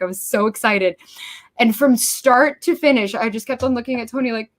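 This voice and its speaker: A young woman chatting casually as a guest, animated, swearing freely and acting out her own quoted lines. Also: on the high side, a little fast. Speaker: podcast host guest. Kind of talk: casual chat.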